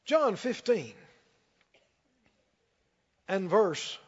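Man, pastor, sermon, emphatic, slow, reverberant church sanctuary. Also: high-pitched, sing-song, darkish tone, husky. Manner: emphatic preaching, slows and rises on key lines. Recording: dull sound with long hall reverb.

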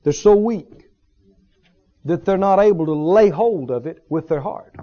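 A man's voice: sits high, lively intonation, unhurried, dull audio. A man preaching a sermon to his congregation, teaching earnestly with repeated phrases and rhetorical questions. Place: church service with a congregation.

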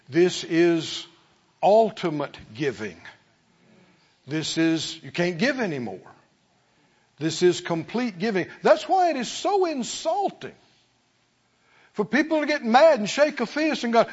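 High, lively-voiced preaching man. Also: a little slow, long pauses, breathy edge, highs cut off. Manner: fervent preaching, swings from soft to shouted. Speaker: pastor. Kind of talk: sermon.

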